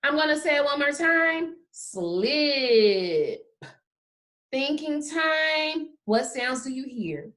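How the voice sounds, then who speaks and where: A woman's high, bright, pushed voice leads a recorded phonics lesson as a kindergarten teacher. She models each sound slowly and with exaggeration, one at a time, and praises the children often in an upbeat way.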